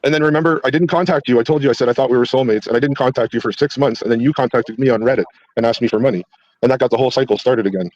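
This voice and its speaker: A man's voice: medium pitch, racing, darkish tone, dry recording. A man calling in to a stream, talking in a rambling, pleading, hesitant way over dull lo-fi call audio. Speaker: caller on a stream. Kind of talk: call-in conversation.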